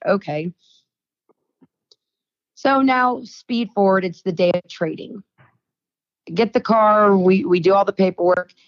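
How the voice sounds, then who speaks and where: Lively young woman telling a story, lo-fi. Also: on the low side. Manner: animated storyteller, acts out quoted dialogue. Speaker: podcast guest. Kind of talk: casual storytelling chat. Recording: dull, lo-fi dry sound.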